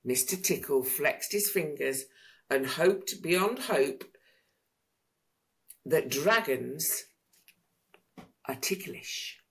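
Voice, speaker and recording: A woman reading a children's picture book aloud in an expressive, sing-song manner. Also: sits low, takes it slowly, vocal fry, pauses often. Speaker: storyteller.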